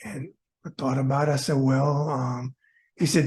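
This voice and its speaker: A man's voice: mid-range voice, flat delivery, moderate pace, darkish tone. A man from South Florida, a former boxer hosting his own show, telling a personal story in a folksy, heartfelt way and speaking straight to his viewers.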